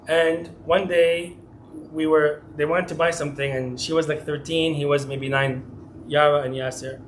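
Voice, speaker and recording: A man's voice: a little high, level tone, moderate pace, slight background noise. A middle-aged man, a family therapist, giving a conversational talk at a community center and acting out dialogue from his own stories. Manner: conversational, acts out quoted dialogue, frequent restarts. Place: mosque community hall.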